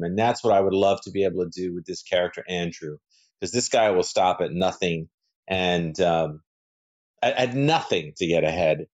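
A man with a very low voice chats casually as an interview guest. He rambles, restarts his sentences and leans on fillers as he talks. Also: darkish tone. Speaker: soap opera actor guest.

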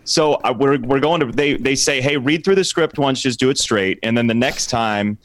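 A man who works as a play-by-play sports announcer, telling a funny story as a guest on a casual chat show, self-deprecating and lively when he quotes himself. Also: medium pitch, moderate pace, slight background noise.

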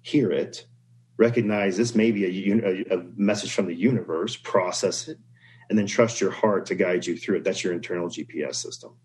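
A man's voice: low-pitched, normal speed, a little mellow, rough recording. A man speaking as a podcast guest in casual conversation, reflective and earnest, often telling stories.

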